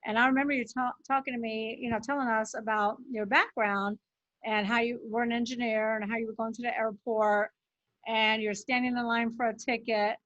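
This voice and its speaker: A woman hosting a podcast interview, asking questions with quick, eager interjections. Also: on the high side, flat delivery, a bit bright, no echo. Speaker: podcast host. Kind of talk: casual interview. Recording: dry, dull lo-fi audio.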